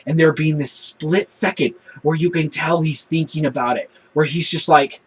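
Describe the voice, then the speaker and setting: A man giving a casual spoken review of a show episode, retelling scenes in a passionate, animated way. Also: on the high side, normal speed, a little hiss or hum, rough recording.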